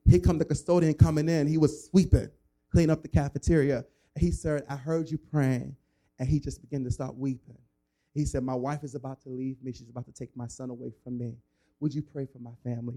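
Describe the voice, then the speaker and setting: A man in his thirties preaching a sermon, telling his own testimony in a lively storytelling way with acted-out voices. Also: on the high side. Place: church sanctuary.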